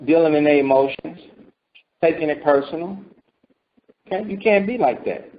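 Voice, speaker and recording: High-voiced man preaching, lo-fi. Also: moderate pace. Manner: rhetorical questions, acts out voices. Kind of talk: conversational Bible teaching. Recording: dull lo-fi recording.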